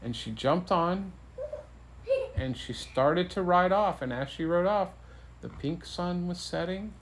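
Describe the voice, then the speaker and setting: Playful dad telling a bedtime story. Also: male voice, sits high, slow pace. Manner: playful, relaxed. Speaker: father.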